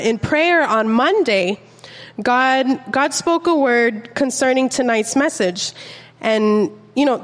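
A young woman giving an earnest, chatty sermon, reading scripture slowly and telling a personal story. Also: high voice, long reverb tail. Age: young adult. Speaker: preacher.

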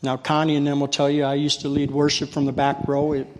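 Man, preacher, folksy storytelling sermon, fairly high voice, long reverb. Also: completely flat delivery, fast talker. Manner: folksy, self-deprecating storyteller.

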